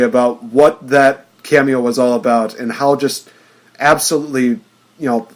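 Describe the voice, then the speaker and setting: A man hosting a casual podcast chat, steering the talk, laughing often and using lots of fillers. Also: medium pitch. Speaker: podcast host.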